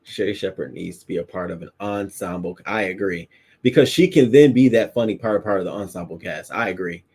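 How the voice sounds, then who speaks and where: A man's voice: low voice, brisk, darkish tone, breathy edge. A man hosting a casual commentary show, chatting in a loose, profane way at his desk mic. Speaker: host.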